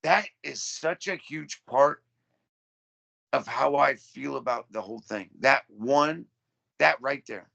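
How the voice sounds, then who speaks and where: Gravelly blunt-talking man. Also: mid-range voice, slow, bright, forceful tone, lo-fi sound. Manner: profane, blunt storytelling. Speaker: podcast guest. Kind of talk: casual interview.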